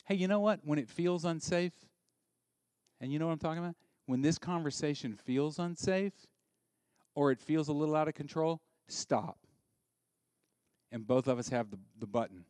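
Animated preaching man, dry close sound. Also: fairly high pitch, normal speed, dry recording. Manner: animated preaching, swings from soft asides to loud emphatic peaks. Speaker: pastor. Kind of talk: sermon.

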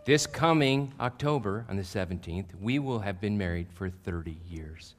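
A pastor in his fifties with a somewhat low voice delivers a sermon built on personal stories. He tells them in a lively, self-mocking way and raises his voice for the punchlines. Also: moderate pace, heavy background noise. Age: 50s. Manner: animated, self-deprecating storyteller who gets loud at punchlines.

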